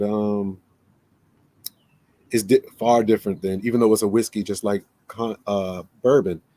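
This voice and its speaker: Low, dark-voiced man rambling. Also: no echo. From United States. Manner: rambling, self-correcting, conversational. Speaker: podcast host. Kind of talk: casual monologue.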